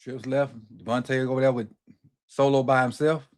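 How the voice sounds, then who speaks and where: A middle-aged man hosting a watch party, calling plays live with excited, slangy reactions. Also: medium pitch, normal speed. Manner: excited, animated play-by-play reactions with Southern slang. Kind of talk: live football watch-along commentary.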